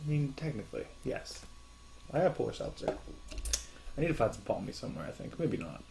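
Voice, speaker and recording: A man's voice: mid-range voice, big pitch swings, brisk, creaky, dark tone, a little hiss or hum. A man in easygoing podcast chat with dry, self-mocking humor. He rambles from one complaint to the next in a loose, offhand way. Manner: wry, self-deprecating, rambling. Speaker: podcast co-host. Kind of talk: casual chat.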